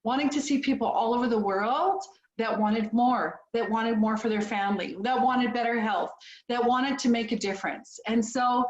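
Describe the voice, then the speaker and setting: A woman's voice: a little high, normal speed. A woman in her sixties from Canada with a Canadian accent, giving a heartfelt motivational talk as guest speaker on a video call. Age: 60s. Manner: earnest, heartfelt storytelling. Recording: echoey, dull video call audio.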